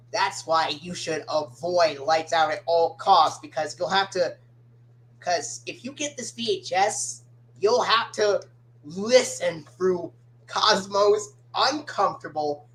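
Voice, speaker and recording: A woman hosting a casual chat stream, talking in a halting way as she discusses cartoon episodes. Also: on the low side, a bit bright, slight background noise, poor audio. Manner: halting, with fillers and restarts. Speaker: stream host.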